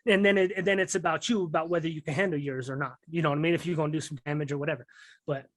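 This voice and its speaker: Racing along with a slightly high, steady-toned voice on a dry recording, this man is a guest recounting prison life. He rambles in casual street slang and keeps asking "you know what I mean."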